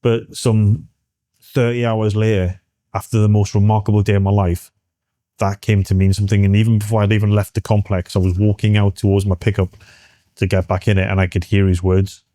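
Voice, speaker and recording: A British man in his forties, a military veteran telling a story in an interview, halting and restarting as he acts out what others said. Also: fairly low pitch, flat delivery, dark tone, no echo, studio quality.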